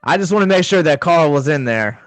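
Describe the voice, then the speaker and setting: A man's voice: on the high side, lively intonation, a little fast, fairly bright tone, dry recording. Playful man, teasing co-host. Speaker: podcast co-host. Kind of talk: casual chat.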